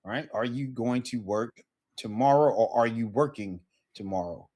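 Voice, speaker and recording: A man's voice: medium pitch, normal speed, darkish tone. A man teaching a casual Spanish lesson, talking loosely and checking in with "right?" as he acts out sample phrases.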